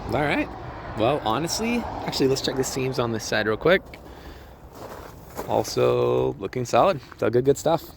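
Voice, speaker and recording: A man working as a car salesman, giving a casual, upbeat walkthrough of a truck while laughing often. His voice is a bit hoarse, and he is recording outdoors on a cold car lot. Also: medium pitch, animated, moderate pace, background noise.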